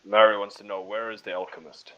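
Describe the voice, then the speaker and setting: A man's voice: fairly low pitch, level tone, quick pace, bright, forceful tone, muffled recording. A man playing in a tabletop game, talking casually and hesitantly, stumbling over his words.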